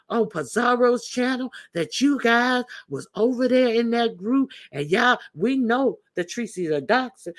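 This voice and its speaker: Commentary host, rambling, confrontational, lots of fillers, mid-pitched voice. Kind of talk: casual commentary on online drama.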